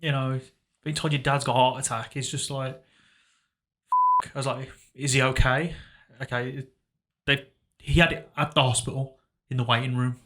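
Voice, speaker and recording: A young man on a podcast, recounting a painful memory in a halting, reflective way, often trailing off quietly. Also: medium pitch, little pitch movement. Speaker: podcast co-host. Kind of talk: casual emotional conversation.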